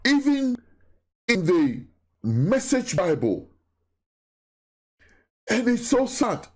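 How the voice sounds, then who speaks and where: Guy teaching bible stuff real slow, voice goes up and down a lot, keeps repeating himself and asking questions. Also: high-pitched, a little mellow. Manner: deliberate, repeats key phrases, asks the listener questions.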